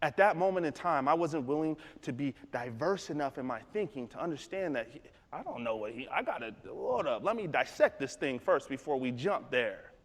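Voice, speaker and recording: A man giving a motivational talk, telling a story in an animated, conversational way. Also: a little high, brisk, hardly any pauses. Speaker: motivational speaker. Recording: echoey hall.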